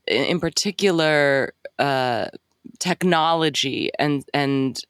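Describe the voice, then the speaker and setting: A woman's voice: deep voice, no room sound, clean studio sound. A woman in her forties co-hosting a podcast, musing thoughtfully in a casual chat. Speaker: podcast co-host.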